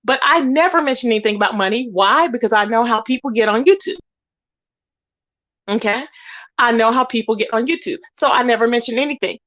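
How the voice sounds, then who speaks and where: A woman's voice: fairly high pitch, fairly bright tone. A woman hosting a livestream, ranting indignantly and emphatically while greeting chat viewers. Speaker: livestream host. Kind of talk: heated livestream rant.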